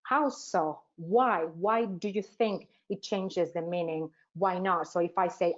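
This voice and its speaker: A woman teacher trainer presenting a webinar, asking rhetorical questions and pausing often with "uh" fillers. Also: fairly low pitch. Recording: dull, lo-fi webinar audio.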